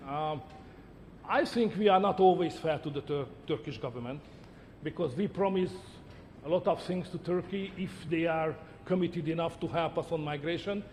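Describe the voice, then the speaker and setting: This interviewee is a middle-aged head of government whose first language is Hungarian. His voice, a little high with a darkish tone, carries big-room sound and slight background noise as he answers in brief, emphatic lines that repeat words.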